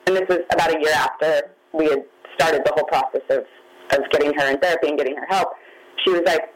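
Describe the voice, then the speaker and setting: A woman's voice: low-pitched, fast talker, poor audio. A middle-aged woman, a magazine founder, speaking openly and emotionally about her family's struggles in an interview. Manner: open, candid, near tears at times. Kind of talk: emotional personal storytelling.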